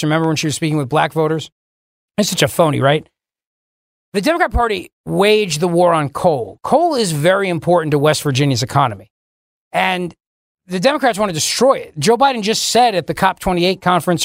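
Male talk radio host, high, dry close sound, combative and mocking. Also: expressive, a little fast, no room sound. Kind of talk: opinionated political talk radio monologue.

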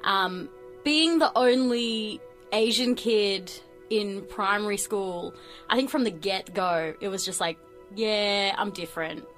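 A woman's voice: medium pitch, slow pace, fairly bright tone, soft background music, poor audio. A young woman with an Australian accent, a podcast guest, talking reflectively with many fillers. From New Zealand-born, raised in Melbourne. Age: young adult. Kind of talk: casual chat.

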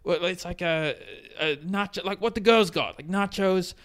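A man's voice: high voice, normal speed, fairly bright tone, pitched above the performer's own voice. A man putting on a squawking crazed cafe customer. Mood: gushing. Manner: squawking, crazed, over-friendly. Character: loud pushy adult male cafe customer.

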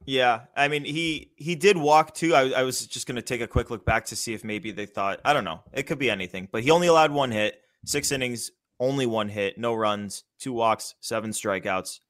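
A man's voice: mid-range voice, moderate pace, few pauses, a bit bright. A man casually chatting about baseball as a podcast host, enthusiastic and loose, with the odd swear. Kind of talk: casual sports chat.

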